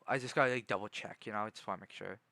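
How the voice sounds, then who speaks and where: A man's voice: lowish voice, rapid-fire, creaky, bright, forceful tone, no room sound. A man streaming casually, reading a book aloud and rambling with many self-corrections.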